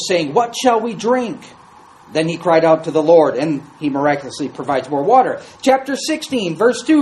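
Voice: medium pitch, a little mellow, slight background noise, rough recording. Conversational Bible study teacher. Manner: conversational, asks the class questions. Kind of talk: Bible class teaching, reading scripture aloud and commenting. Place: group class room.

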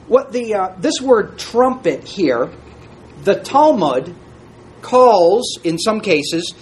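A man's voice: high voice, slight background noise. A man teaching an interactive Bible class, reading scripture aloud and asking the group questions in a conversational way.

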